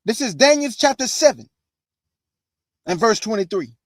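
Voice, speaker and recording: Guy preaching prophecy, kinda high voice, answers his own questions, dry close sound. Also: very animated, moderate pace, no room sound. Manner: preachy, calls audience family, answers imagined questions. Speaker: online preacher, show host. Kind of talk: street-style sermon on prophecy.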